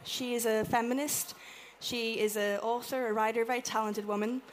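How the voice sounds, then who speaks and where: A woman's voice: a little high, normal speed, slight background noise. Chatty Irish woman giving a talk. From Ireland. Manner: chatty, animated, acts out quotes. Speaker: conference speaker. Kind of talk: live presentation to an audience. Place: event room with an audience.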